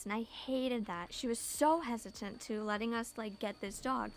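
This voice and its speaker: A woman's voice: a little high, steady tone, moderate pace, few pauses, a little hiss or hum. A young woman chatting casually in a home vlog, answering viewer questions and saying "like" a lot. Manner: chatty, heavy use of "like". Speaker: vlogger. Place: home room.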